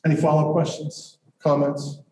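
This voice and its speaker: A male pastor preaching earnestly and reflectively with long pauses, then opening questions to the congregation. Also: fairly high pitch, completely flat delivery, a little mellow. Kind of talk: sermon and congregation Q&A. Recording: roomy hall audio from a distant mic.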